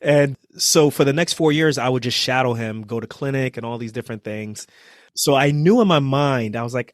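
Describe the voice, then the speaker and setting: A man's voice: medium pitch, moderate pace, dry recording, clean studio sound. A man from New Jersey, a trauma surgeon, telling his story as a podcast guest and acting out what people said. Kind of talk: storytelling interview.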